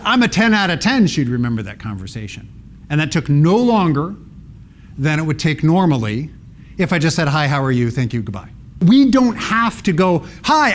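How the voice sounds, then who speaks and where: A middle-aged man giving a playful talk to an audience, acting out everyday dialogues with raised voices. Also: a little high. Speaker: public speaking teacher giving a talk.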